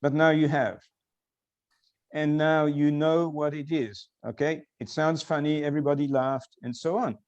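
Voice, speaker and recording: Male lecturer, a bit high-pitched, patient and repetitive, muffled lo-fi sound. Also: fairly even intonation, a little slow, a little mellow. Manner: explanatory, repeats key phrases for emphasis. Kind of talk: recorded lecture. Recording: dull lo-fi lecture recording.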